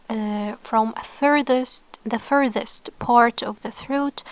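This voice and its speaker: A woman's voice: sits high, fairly bright tone, dry recording. A woman teaching an online lesson, explaining patiently, often checking with okay and dropping into a whisper to model sounds. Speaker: Arabic teacher.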